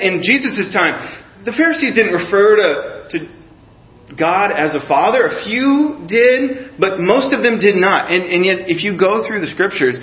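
Middle-aged male pastor with a higher voice, preaching in an animated, questioning way, dull lo-fi recording. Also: reverberant. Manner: animated, questions the audience, drops to a hushed voice in guided imagery. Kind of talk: sermon.

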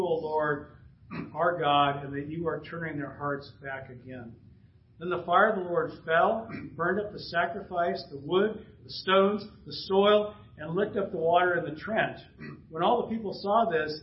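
A man preaching a sermon and reading scripture aloud, clearing his throat often and dropping casual asides between passages. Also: fairly high pitch, reverberant, lo-fi sound, slight background noise. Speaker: pastor. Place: church sanctuary.

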